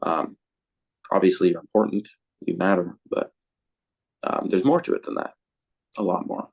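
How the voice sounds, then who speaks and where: A man with a low, deep voice chats casually as a podcast co-host being interviewed. He rambles loosely, circling back with fillers and restarts as he thinks out loud. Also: steady tone, moderate pace, creaky, slightly rough.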